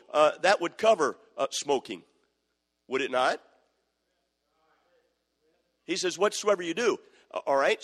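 A man's voice: fairly high pitch, fairly bright tone. A man preaching a sermon, firmly repeating questions to the congregation and quoting verses in old scripture wording. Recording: long hall reverb.

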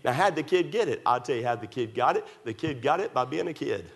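A man preaching a sermon, emphatic and repetitive, rising to loud pleas and dropping to quiet asides. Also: mid-range voice, lively intonation, quick pace, creaky. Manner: emphatic, repetitive, swings between loud pleading and hushed asides. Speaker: pastor.

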